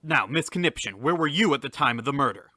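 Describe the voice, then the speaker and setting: A man's voice: mid-range voice, expressive, quick pace, bright, forceful tone, dry recording, studio quality. A young man playing a tough, commanding detective in a student sketch comedy. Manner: brusque, commanding. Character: tough lone-wolf male detective.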